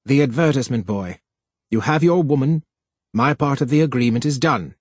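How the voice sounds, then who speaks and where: A man reading aloud plays an older male senior official who is urgent and stern, clipped and low when he gives orders. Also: normal speed, no echo, close to an everyday voice.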